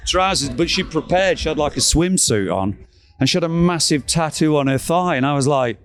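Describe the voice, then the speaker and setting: A man's voice: a little high, moderate pace. Man telling stories. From England, East Midlands. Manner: animated, acts out quoted voices, swears freely. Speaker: guest. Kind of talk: anecdotal storytelling. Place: backstage at a rock festival.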